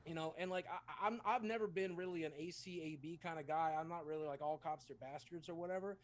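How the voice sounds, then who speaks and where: A man casually telling a personal story, candid and heavy on swearing. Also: a little high. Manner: profane, candid, fast-talking.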